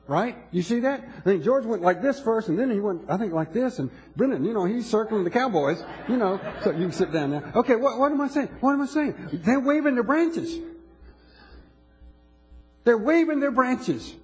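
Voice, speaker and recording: A man's voice: high voice, expressive, moderate pace, darkish tone, breathy edge. A male pastor preaching a sermon in a conversational way, asking the congregation questions with frequent restarts.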